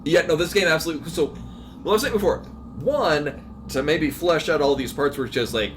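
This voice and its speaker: A man's voice: medium pitch, a little fast, a little hiss or hum. A man casually commenting while he streams a game, rambling and breaking off mid-thought. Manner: rambling, chatty, self-interrupting.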